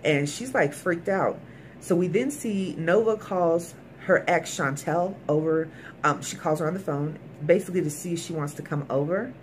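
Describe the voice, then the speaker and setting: Talking directly to her audience, a TV episode reviewer gives a casual, emphatic recap at a moderate pace. Her pitch is fairly low, and faint background noise can be heard.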